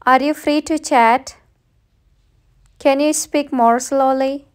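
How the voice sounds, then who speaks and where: Woman teacher, high voice, very slow and clear drill reading for learners. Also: fairly even intonation. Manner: says each phrase slowly and plainly, often twice. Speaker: English teacher. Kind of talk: slow read-aloud phrase drill.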